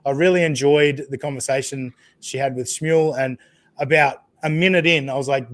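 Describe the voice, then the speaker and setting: A man hosting a live-stream podcast in a loose, chatty way, laughing often and filling pauses with "uh". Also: medium pitch, steady tone. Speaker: podcast host. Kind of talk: casual live-stream chat.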